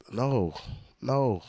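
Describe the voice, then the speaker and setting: A man's voice: mid-range voice, vocal fry, darkish tone, husky, no echo. A man hosting a reaction video, commenting in a blunt, profane, exasperated way.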